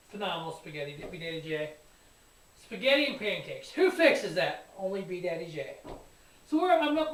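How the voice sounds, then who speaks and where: Guy ranting about wrestling, high-ish voice, swears a lot, sounds far off in an echoey room. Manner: excitable, profane, rambling storytelling. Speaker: sports show host. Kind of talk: casual wrestling review.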